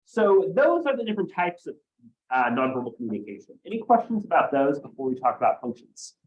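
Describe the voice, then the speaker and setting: A man's voice: a little high, big pitch swings, a little fast, dull audio. A man teaching a college class, explaining ideas step by step and often checking in with "right?". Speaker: college instructor. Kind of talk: classroom lecture.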